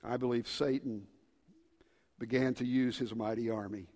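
Give me a man preaching a sermon in a large church, shifting from whispers to shouts, with a long hall echo. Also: medium pitch, fairly even intonation, normal speed. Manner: swings from hushed whispers to shouted rallying calls. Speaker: pastor.

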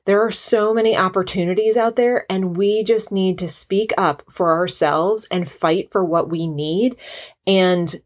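A woman's voice: medium pitch, normal speed, hardly any pauses. A middle-aged woman hosting a podcast, speaking earnestly and with emotion in a motivational monologue. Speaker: podcast host, physician assistant.

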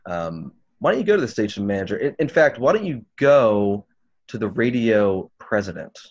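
A man playing the show's intern, defensive and flustered in comedic banter, with a slightly husky voice. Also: on the low side, big pitch swings, moderate pace, muffled recording. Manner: defensive, flustered, then snippy. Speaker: show intern.

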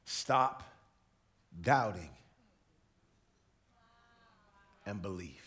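A preacher voicing a calm, solemn risen male teacher in a low, hushed, coaxing voice. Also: slow.

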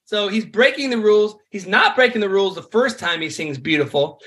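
A man, a songwriter and worship leader, explaining songwriting craft in an energetic, conversational way. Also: high-pitched, moderate pace. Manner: energetic, conversational teaching with frequent fillers.

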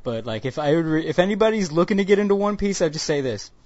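Man, casual podcast chat, animated, mocking character voices, dry dull sound. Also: on the high side, quick pace, dry recording. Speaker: podcast co-host.

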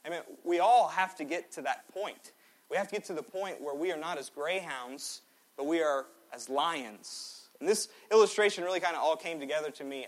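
A man in his twenties preaching a sermon in a church, swinging between loud exhortation and quiet, joking asides. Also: on the high side. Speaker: pastor. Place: church sanctuary.

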